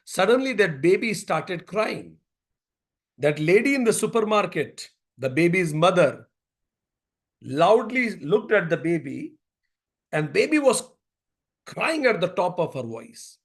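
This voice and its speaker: A man giving a spiritual yoga talk at a symposium, telling stories and repeating key phrases deliberately. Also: sits high, very animated. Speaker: yoga speaker.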